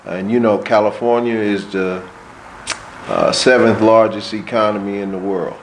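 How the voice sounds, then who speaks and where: A man interviewer poses long, winding questions in a somewhat low voice. He stumbles over fillers and repeats words, and faint noise hums behind him. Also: steady tone, moderate pace, rough recording.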